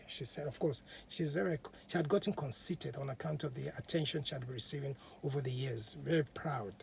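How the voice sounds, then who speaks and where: A man's voice: mid-range voice, fairly quick, vocal fry, few pauses, a little hiss or hum. A man, a podcast host telling history as a casual story, chatty and dropping to whispers at times.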